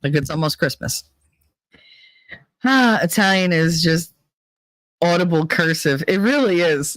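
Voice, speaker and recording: A man's voice: a little high, fairly bright tone, no room sound, poor audio. A middle-aged man from New Jersey with a New Jersey accent, hosting a live stream in rambling, profane casual chat, laughing often. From New Jersey, USA.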